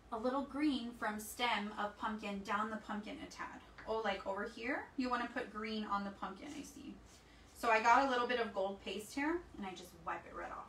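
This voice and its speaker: A woman's voice: a little high, a bit bright. Chatty woman hosting a craft livestream. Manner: chatty, talks to viewers as guys. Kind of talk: casual live craft demo, reading comments. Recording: roomy echo, mic at a distance, faint background noise.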